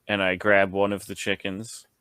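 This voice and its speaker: A man playing a tabletop game, calmly describing his character's actions. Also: low-pitched, normal speed, smooth, dry recording. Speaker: player.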